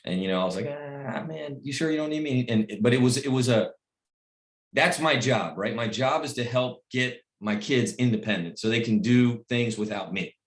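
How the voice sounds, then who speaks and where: A middle-aged man giving a motivational speech to his team on a video call, emphatic and repetitive, swinging between loud pep talk and quiet personal stories. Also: mid-range voice, moderate pace, echoey room. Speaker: team leader addressing his recruits.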